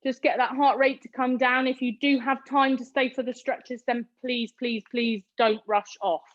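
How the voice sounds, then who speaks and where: A woman's voice: fairly high pitch, steady tone, normal speed, dull audio. A British woman leading a live online workout class, calling out reps and counting down as she cheers her students on. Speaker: fitness instructor.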